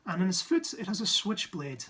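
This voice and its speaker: Husky man from Ireland, comic science talk, quick asides, big pitch jumps. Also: very animated, bright, forceful tone. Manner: jokey, with sudden asides and pitch jumps for effect. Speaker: science comedian.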